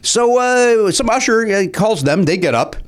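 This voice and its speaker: A middle-aged man spins a story as a podcast guest, his pitch sitting a touch high and bouncing all over. He laughs through it and slips into the people he quotes. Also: moderate pace. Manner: animated, laughing, acts out quoted lines. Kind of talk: casual storytelling chat.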